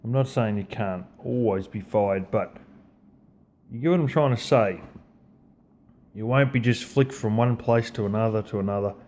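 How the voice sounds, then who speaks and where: A man's voice: on the low side, moderate pace, long pauses, darkish tone. A man with an Australian accent giving a blunt, profane motivational rant in a casual, conversational way. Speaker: vlogger.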